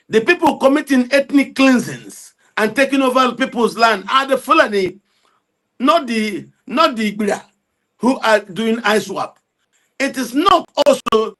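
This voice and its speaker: A man giving heated political commentary, forceful and repetitive as he argues. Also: extremely high pitch.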